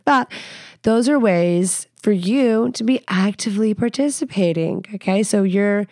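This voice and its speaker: Woman podcast host, gravelly voice, dry close sound, cusses a lot and laughs at her own jokes. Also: medium pitch, measured pace, a little mellow, dry recording. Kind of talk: frank, casual sex-advice talk.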